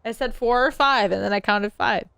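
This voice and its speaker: A woman's voice: on the high side, normal speed, gravelly, fairly bright tone, smooth, no echo, studio quality. A woman, tipsy, co-hosting a let's play at home, chatting playfully and insisting on her points. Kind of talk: casual gaming chat.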